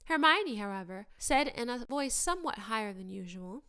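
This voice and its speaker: A woman narrating an audiobook chapter in a steady, even reading voice. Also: fairly high pitch, moderate pace, hardly any pauses, smooth. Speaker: audiobook reader.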